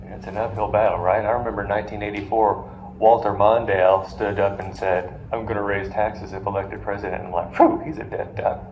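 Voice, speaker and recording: A man's voice: lowish voice, level tone, fairly quick, muffled recording. A man lecturing to a live classroom, telling stories and putting questions to the students with jokey asides. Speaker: finance lecturer. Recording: roomy classroom with faint noise.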